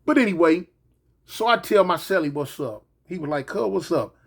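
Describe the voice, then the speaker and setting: A man telling a story in a casual, animated way, acting out the voices of the people in it. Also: on the high side, normal speed, gravelly, breathy edge.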